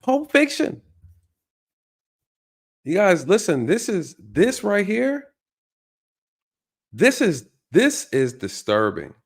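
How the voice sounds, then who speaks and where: Hosting a reaction video, a man with a high voice and wildly swooping pitch speaks slowly, leaving long pauses. He talks emphatically and directly to his viewers, repeating phrases to drive his points home.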